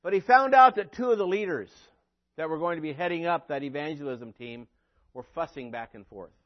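High-voiced preaching pastor, lo-fi. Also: male voice, brisk. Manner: preachy, rising to emphatic peaks, dry sarcastic asides. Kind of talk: sermon.

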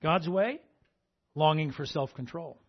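Recorded with a muffled quality, this sermon comes from a male pastor whose voice sits a little high and slightly rough, moving at a measured pace. He punctuates each point by asking the congregation "amen?", repeating it as a call-and-response.

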